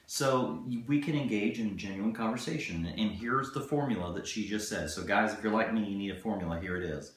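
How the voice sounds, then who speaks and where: A man giving relationship advice in a casual, earnest coaching tone, slowing down for key points. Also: on the low side, expressive. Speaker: relationship video co-host. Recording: very echoey room.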